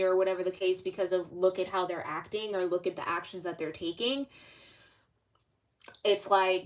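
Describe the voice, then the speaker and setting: A woman's voice: fairly low pitch, normal speed. Young woman, tarot reader, casual monologue, chatty, filler-heavy, conversational.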